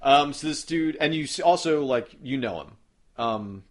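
A man's voice: a little high, expressive, normal speed. A man in casual podcast chat, rambling enthusiastically as he retells a video game and swears casually.

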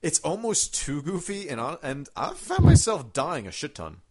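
A man's voice: fairly high pitch, huge pitch swings, normal speed, a little mellow. A man in casual gaming chat, rambling with lots of fillers and the odd swear word. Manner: rambling, lots of fillers and swearing, laughs at his own stories.

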